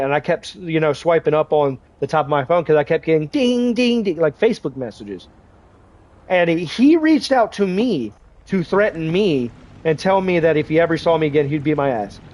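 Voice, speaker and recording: A man in his twenties streams live, his fairly high, slightly mellow voice stuffed up from draining sinuses. He rambles frankly in casual chat, restarting often, with no echo and faint game vehicle noise in the background.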